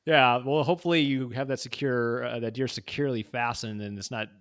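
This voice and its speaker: A man in casual podcast chat who rambles, restarts and jokes around. His voice is smooth and clear, recorded close in a dry, dead space. He sits at a middling pitch. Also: fairly even intonation, brisk, fairly bright tone, no room sound. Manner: rambling, self-correcting, jokey. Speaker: podcast co-host.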